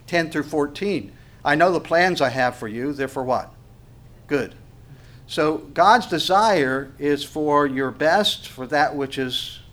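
A man preaching a sermon, reading scripture aloud with rising force and dropping low for asides to the congregation. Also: fairly bright tone. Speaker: pastor.

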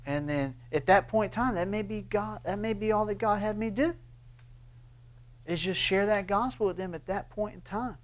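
A man delivers an impassioned sermon. His voice leaps up on emphatic lines and sinks low and quiet when he presses a point. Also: normal speed. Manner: impassioned preaching, swings between loud bursts and hushed lines. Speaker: pastor.

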